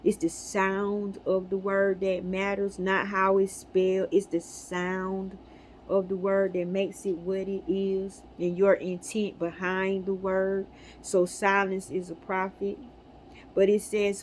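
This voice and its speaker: A woman's voice: medium pitch, monotone, takes it slowly. A woman speaks to her viewers in casual, preachy spiritual talk, stressing her points hard and breaking into laughter. Her is loose and conversational. Faint background noise sits under her voice. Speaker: spiritual video host.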